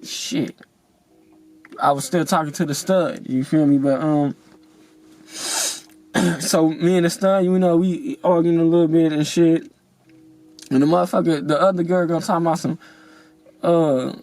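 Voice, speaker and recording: A man's voice: on the high side, level tone, moderate pace, a little mellow, dry recording, poor audio. A young man telling a story in a casual vlog rant, rambling and profane, with many fillers and heated outbursts. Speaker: vlogger.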